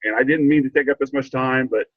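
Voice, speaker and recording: A man's voice: medium pitch, quick pace, phone-quality sound. An older man sharing a heartfelt personal story on a video call, stumbling and repeating himself, getting choked up. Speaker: training participant. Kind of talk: emotional personal testimony.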